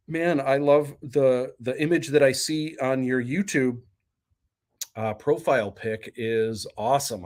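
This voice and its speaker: A man hosting a relaxed livestream, reading out viewers' comments and answering each one in a loose, chatty way. His voice sits at an ordinary middle pitch, and he speaks from indoors while he works at a table. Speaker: livestream host. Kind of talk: casual livestream chat.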